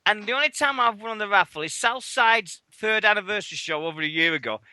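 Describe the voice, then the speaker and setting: Guy hosting radio, chatty and sweary, super bright tense voice, dry close sound. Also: high-pitched, expressive, quick pace, no room sound. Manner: chatty, sweary, acts out others' lines. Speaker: radio show host. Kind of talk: casual chat radio storytelling.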